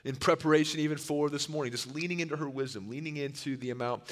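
A man in his thirties preaching a sermon in a church sanctuary, earnest and quick to tell stories. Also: on the high side. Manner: earnest and storytelling, given to animated retellings. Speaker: pastor. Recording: long reverb of a large hall.

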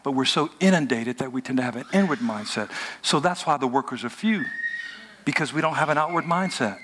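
High, bright-voiced male pastor preaching. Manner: animated, humorous conversational preaching. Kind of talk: sermon.

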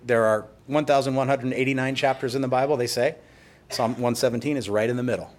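Speaking fast at a medium pitch, the male pastor keeps his intonation fairly even. He walks his congregation through scripture in a chatty way, with teasing asides along the way.

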